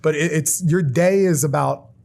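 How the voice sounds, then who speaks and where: A man speaking as a guest on a casual podcast interview, energetic and self-deprecating, talking in quick bursts at a studio mic. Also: fairly high pitch, vocal fry. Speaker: podcast guest, marketing advisor. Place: studio around a table.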